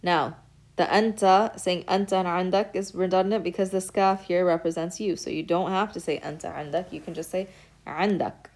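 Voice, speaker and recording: A woman's voice: on the low side, fairly even intonation, quick pace, a little mellow. A woman teaching a recorded beginner Arabic lesson, explaining patiently step by step and saying each word aloud as an example. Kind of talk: recorded lecture.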